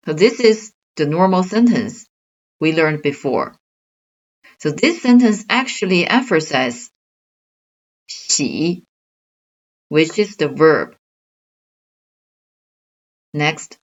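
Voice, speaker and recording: A woman teaching a grammar lesson, explaining slowly and carefully with examples. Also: low voice, sing-song, lo-fi sound. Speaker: Chinese language teacher.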